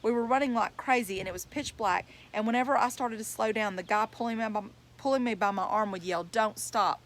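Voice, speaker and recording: A woman's voice: fairly high pitch, fast talker. A woman reading a novel aloud, telling it in plain first-person storytelling. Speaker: reader.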